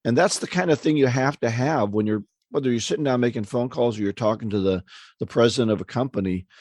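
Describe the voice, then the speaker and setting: A man co-hosting a sales podcast in casual conversation, dropping wry jokes and quick asides. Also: medium pitch, darkish tone, no room sound, clean studio sound. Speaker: podcast co-host, speaking trainer.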